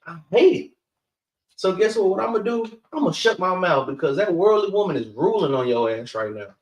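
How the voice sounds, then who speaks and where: A man with a high voice preaching scripture in loose street talk, who peppers every point with "guess what" and "man." He is recorded from across an echoey room. The sound is roomy and distant. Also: lively intonation, brisk, muffled recording. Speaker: teacher of a scripture class. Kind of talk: street-style Bible teaching.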